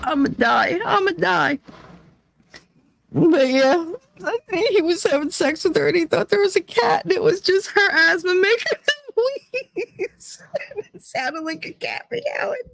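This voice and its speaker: A woman's voice: very high voice, lively intonation, moderate pace, vocal fry, dry recording, rough recording. A young adult woman hosting a livestream, telling crude stories in casual chat and breaking into laughter often. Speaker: livestream host.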